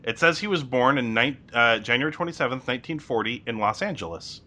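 A man's voice: mid-range voice, expressive, fast, pushed and bright. A man co-hosting a casual movie podcast, playful and teasing, laughing easily. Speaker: podcast co-host. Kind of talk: casual chat.

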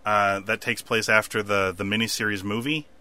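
Bright-voiced man in casual TV chat. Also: fairly low pitch, normal speed. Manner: rambling, animated, acts out characters' lines. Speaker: podcast co-host.

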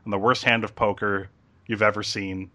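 A man's voice: fairly low pitch, little pitch movement, normal speed, bright, forceful tone. A man voicing a cruel male villain who gives orders in an offhand, mocking way. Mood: smug. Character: smug, cruel male villain giving casual commands.

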